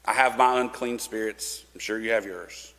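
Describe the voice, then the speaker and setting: Preaching in a church sanctuary with a long reverb trailing his words, this pastor keeps his sermon casual and talky, restarting lines and using fillers. His voice leans low and a bit bright, at a moderate pace.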